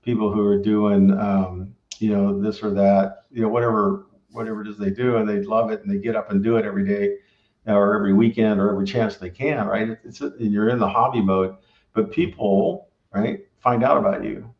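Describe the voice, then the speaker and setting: Low-voiced man in a roomy, dull recording. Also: fairly even intonation, a little fast, vocal fry. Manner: rambling, filler-heavy, keeps asking "right?". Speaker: restaurant owner and pitmaster. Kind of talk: casual advice talk.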